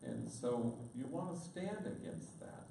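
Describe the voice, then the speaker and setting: A man gives a public talk in a storytelling manner, dropping in Spanish words here and there. His voice has a gravelly edge. It sounds far from the mic and echoes around a big room. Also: mid-range voice, lively intonation, unhurried, dark tone, a little hiss or hum. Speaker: priest giving a public talk. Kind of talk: storytelling speech. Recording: distant echoey room recording.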